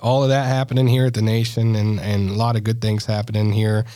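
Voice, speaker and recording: A man's voice: on the low side, little pitch movement, a little fast, dark tone, no echo. A man co-hosting a casual podcast chat, talking loosely with lots of fillers, restarts and easy laughs. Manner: chatty, laughs often, many fillers and restarts. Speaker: podcast co-host. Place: podcast studio.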